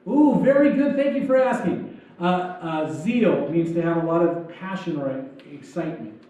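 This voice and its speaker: A man's voice: on the high side, expressive, normal speed, mellow. A man preaching a sermon as pastor, in a loose, joking style with acted-out asides. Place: church sanctuary. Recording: echoey church hall, distant dull mic.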